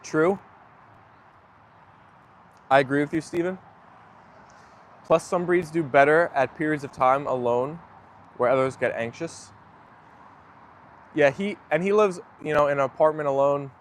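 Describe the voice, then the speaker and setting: A man's voice: on the high side, a little slow, long pauses, a little hiss or hum. A young man hosting a livestream, chatting casually and answering viewer comments as they come in. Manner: relaxed, chatty, often agreeing with viewers. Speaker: livestream host.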